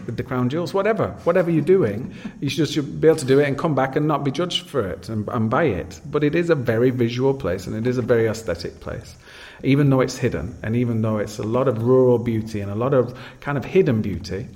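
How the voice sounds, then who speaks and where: Musing man, halting and repetitive. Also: mid-range voice, a little mellow. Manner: hesitant, repeats words, musing. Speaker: host. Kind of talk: casual chat.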